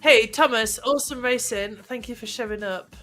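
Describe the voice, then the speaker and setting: A woman's voice: fairly high pitch, moderate pace, pushed and bright, soft background music. Giggly Yorkshire woman co-host. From Yorkshire, England. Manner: playful, giggly banter. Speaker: esports race co-host. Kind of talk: casual chat.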